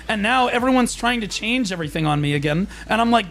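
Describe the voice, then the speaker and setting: A man's voice: high-pitched, lively intonation, fairly quick, gravelly, few pauses, fairly bright tone, faint music behind. A young man streaming a game, ranting in a frustrated, profane, rambling way with many restarts. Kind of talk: live-stream rant.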